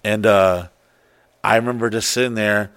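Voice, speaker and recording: A man's voice: on the low side, normal speed, clean tone, dry recording. A man telling a wild story in casual chat, swearing freely and acting out what people said. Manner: profane, excitable, acts out quotes.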